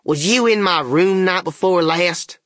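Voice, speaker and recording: A man voicing a blustering old male swindler who poses as a king, gruff and bullying, in an audiobook reading. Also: sits high, a little slow, fairly bright tone, dry recording, clean studio sound, voice pushed up. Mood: demanding. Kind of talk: audiobook character voice.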